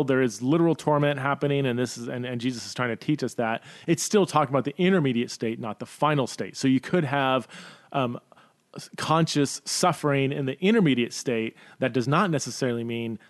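A man's voice: medium pitch, lively intonation, a little fast, no echo, studio quality. A man hosting a Q&A podcast, thinking aloud with lots of fillers and restarts and stumbling over words. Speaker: podcast host. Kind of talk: casual Q&A podcast talk.

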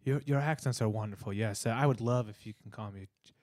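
A man's voice: lowish voice, fast talker, darkish tone, no echo, clean studio sound. A man improvising a comedy scene, speaking in a sheepish, apologetic way.

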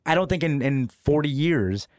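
A man co-hosting a podcast, telling a baseball story in a lively, casual way and slipping into the voices of people he quotes. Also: a little high, normal speed, no echo, studio quality. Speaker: podcast co-host.

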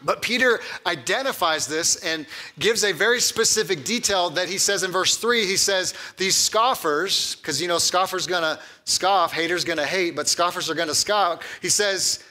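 A pastor preaching a sermon in a conversational, animated way, often repeating words and slipping in humor. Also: male voice, high voice, moderate pace, few pauses.

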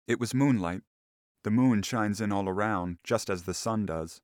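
A man giving a scripted narration of a classic story, measured and deliberate, into a studio microphone. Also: lowish voice, darkish tone, no room sound. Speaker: audiobook narrator.

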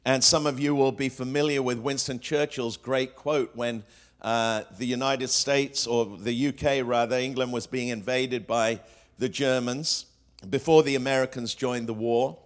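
A man's voice: mid-range voice, steady tone, measured pace. Man preaching a sermon. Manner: preaching with rhetorical questions and quotes, frequent fillers and restarts. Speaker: pastor.

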